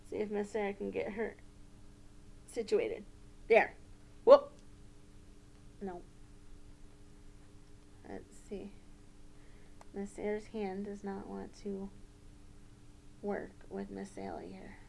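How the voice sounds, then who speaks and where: A woman teacher running a puppet lesson for young children, gentle and coaching. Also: medium pitch, slow pace, vocal fry, long pauses, slight background noise.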